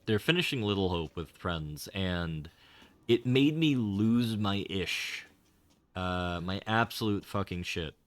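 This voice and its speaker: A man's voice: low voice, lively intonation, slow, fairly bright tone, dry recording. A man streaming a game, talking casually with rambling, wry and sarcastic asides and casual swearing. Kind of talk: casual gaming livestream commentary.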